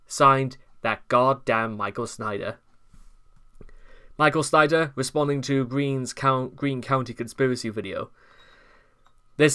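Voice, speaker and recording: A man's voice: mid-range voice, a bit bright. A man hosting a channel, reading a wiki article aloud in a casual, chatty way and often restarting his sentences. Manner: chatty and digressive, with frequent restarts. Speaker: commentary channel host.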